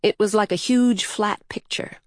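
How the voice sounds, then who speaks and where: A woman narrating a story aloud in a calm, even storytelling manner. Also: mid-range voice, normal speed, no echo, studio quality.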